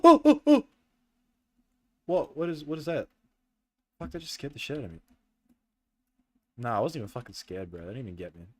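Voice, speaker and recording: Give me a young man livestreaming a horror game, mid-pitched, cursing and spooked. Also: no echo. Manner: swearing, jumpy, nervous laughing, says bro a lot. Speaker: streamer.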